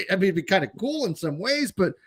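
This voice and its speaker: A man's voice: high voice, big pitch swings, a little fast, slightly rough, dry recording. A man hosting a casual, rambling chat, talking animatedly and swearing often. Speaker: show host.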